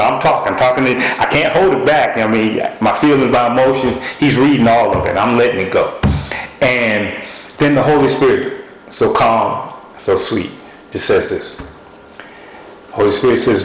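A man preaching a sermon, telling personal stories in a lively, folksy way and sometimes quoting what God said to him. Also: mid-range voice, normal speed, echoey room, poor audio. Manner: animated storytelling, folksy speech.

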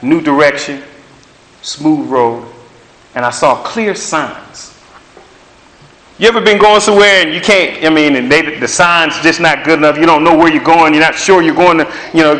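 A man's voice: on the high side, normal speed, fairly bright tone. A man preaching a sermon, emphatic and conversational, repeating phrases to drive points home. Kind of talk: sermon with prophetic words. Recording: echoey room.

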